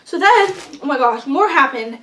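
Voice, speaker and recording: A young woman vlogger telling a long story in casual chat, rambling and excitable with lots of fillers. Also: high voice, moderate pace. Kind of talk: casual storytelling while eating. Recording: echoey room, mic at a distance.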